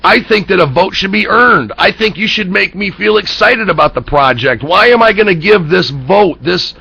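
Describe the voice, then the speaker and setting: A man's voice: sits high, expressive, normal speed, creaky, pushed and bright, husky, dull audio. An American man hosting an internet talk show, ranting bluntly about politics with profanity and heated rhetorical questions. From United States. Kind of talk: political commentary rant.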